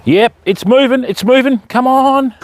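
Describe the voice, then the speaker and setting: An Australian man chatting on a live fishing stream, talking to his viewers and to dogs outdoors by the water. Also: unhurried. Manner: chatty, calls dogs in a high sing-song voice.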